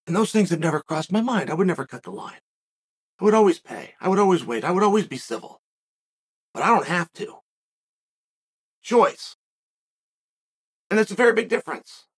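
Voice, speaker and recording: This podcast host is a middle-aged man whose high voice has a sharp tone and a breathy edge. His monologue is reflective commentary, full of rhetorical questions and stops and restarts.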